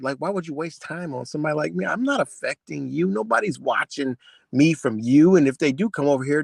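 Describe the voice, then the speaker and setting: A man's voice: fairly high pitch, gravelly, dry recording. A man ranting heatedly and profanely on his livestream, repeating himself as he vents. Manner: agitated, profane, repetitive ranting.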